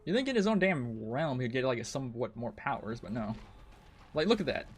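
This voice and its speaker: A man's voice: mid-range voice, big pitch swings, a little fast. A man streaming a game, ranting in frustration and swearing a lot as he comments on his play. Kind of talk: live gameplay commentary.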